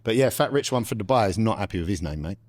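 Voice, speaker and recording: Young guy co-hosting a pod, lowish voice, sweary laddish chat. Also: animated, darkish tone. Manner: swears freely, fast London banter. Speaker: podcast co-host. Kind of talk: casual banter.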